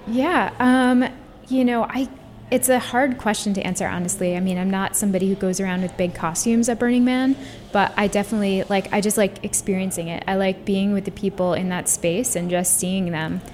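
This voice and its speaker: A woman's voice: medium pitch, fairly even intonation, a little fast, a little mellow, a little hiss or hum. A woman, a guest on a radio show, talking in an earnest, thoughtful way with many fillers. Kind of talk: casual interview.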